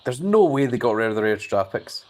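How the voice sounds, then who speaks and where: A man's voice: mid-range voice, big pitch swings, fast talker, darkish tone. A man hosting a live stream, chatting casually and reading viewer messages aloud.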